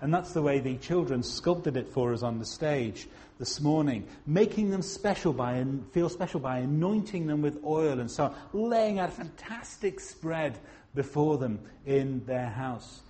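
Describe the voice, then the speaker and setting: A man preaching a sermon in a slow, emphatic way, pausing for weight on single words. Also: fairly high pitch, animated, warm tone. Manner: slow, emphatic, with dramatic pauses.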